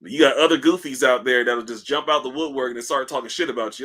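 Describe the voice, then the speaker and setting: A man hosting a casual livestream, reading comments aloud in a loose, profane, animated way while in back pain. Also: mid-range voice, fast talker. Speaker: livestream host. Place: indoors at home, seated.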